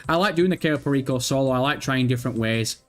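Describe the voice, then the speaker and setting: A man's voice: mid-range voice, fast. A man hosting a casual livestream, reading viewer messages aloud and rambling through his answers while swearing freely. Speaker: livestream host. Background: faint background music.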